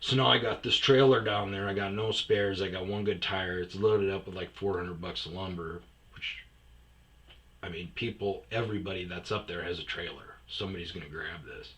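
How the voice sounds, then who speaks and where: A man with a low, forceful voice tells a story in a loose, casual way. He is animated and swears a lot. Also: moderate pace.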